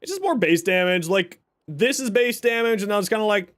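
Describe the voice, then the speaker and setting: A man's voice: high voice, big pitch swings, normal speed, a bit bright. A young man streaming a game, chatting casually with viewers, joking and explaining his build. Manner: chatty, jokey, reads chat aloud and explains builds. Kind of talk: casual live stream chat.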